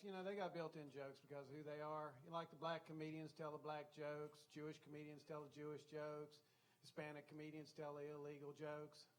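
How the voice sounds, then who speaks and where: Older Southern man doing folksy stand-up. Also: a little high. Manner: folksy drawl, chatty asides with "you know". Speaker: stand-up comedian. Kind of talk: stand-up routine. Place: comedy club stage.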